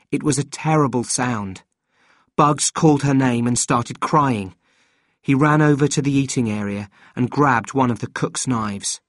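Slow, measured male storyteller. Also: mid-range voice, dry recording, studio quality. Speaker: audiobook reader. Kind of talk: scripted narration.

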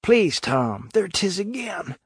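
A man voicing a frightened, superstitious, rough-spoken boy in frantic, high whispers. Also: very animated, slow pace, no echo, studio quality, heavily acted.

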